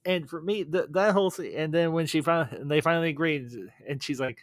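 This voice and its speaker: Animated man recapping a film. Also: on the high side, fairly quick, no room sound, clean studio sound. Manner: animated, laughing, retelling scenes with restarts. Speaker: livestream host.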